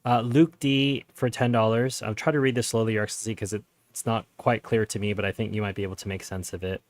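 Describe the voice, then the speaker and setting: A man hosts a live stream, reading out viewers' paid questions and politely passing them to his guest. His voice sits somewhat low. The sound is dry and close to the mic. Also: steady tone, fast, dry recording. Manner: deferential, reads donations and questions aloud.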